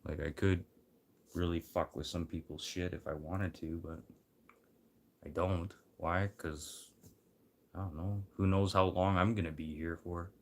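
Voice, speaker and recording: A man with a very deep, low-pitched voice talks casually to his livestream audience. He rambles and swears freely, drifting from quiet mutters to loud, eager pep talk. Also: fairly even intonation, unhurried. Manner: rambling, profane, swinging between muttering and loud encouragement.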